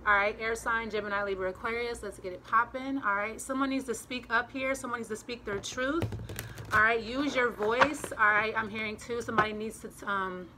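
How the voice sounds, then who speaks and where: A breathless woman gives a casual tarot reading to camera from the front room of her home beside a street, where passing cars and street noise are clearly audible. Her voice is fairly high and a little fast with fairly even intonation, and she rambles chattily, repeating herself.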